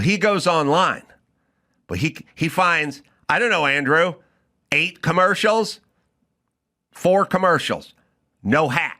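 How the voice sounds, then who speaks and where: Male comedy talk host, bright and animated, a ranting storyteller. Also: on the high side. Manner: animated, ranting, yelling in retold scenes.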